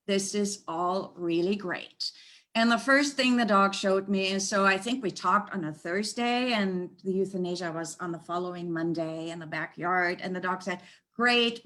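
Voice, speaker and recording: A woman working as an animal communicator, telling stories in an animated, conversational way and laughing often. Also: mid-range voice. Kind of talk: storytelling in a conversational interview. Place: United States.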